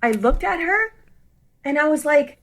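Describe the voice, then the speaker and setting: A woman telling a story about her own salon visit, animated, quoting herself and the staff. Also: sits high, a little slow. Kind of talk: storytime video clip.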